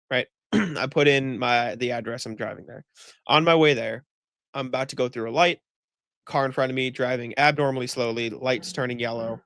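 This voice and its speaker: Casual podcast co-host, a man with a gravelly, fry-heavy voice, venting through a long story. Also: mid-range voice, a bit bright, dry recording. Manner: rambling storytelling with many "like" fillers and swearing; exasperated ranting. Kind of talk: casual chat.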